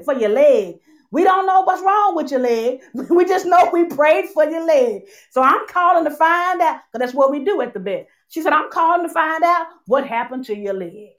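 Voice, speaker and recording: A woman preaching a sermon, calling out to her church and swinging between loud and soft. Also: high voice. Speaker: church speaker.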